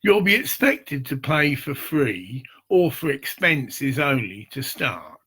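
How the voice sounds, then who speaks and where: A man giving a rambling, informal pitch for a charity promotion project, swearing freely and checking in with "see?" and "get it?". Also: big pitch swings, slow, sharp tone, slightly rough. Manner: meandering, profane, repeats "see" and "get it".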